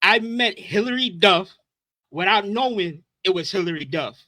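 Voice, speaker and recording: A man co-hosting a podcast, excitable and profane, reacting quickly and telling his own stories. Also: sits high, no echo. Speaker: podcast co-host. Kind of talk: casual chat, storytelling.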